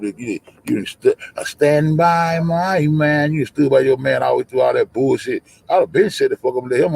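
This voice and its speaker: A man's voice: medium pitch, creaky, darkish tone, husky. A man hosting a livestream, ranting profanely and confrontationally, repeating himself. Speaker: livestream host. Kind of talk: heated livestream rant.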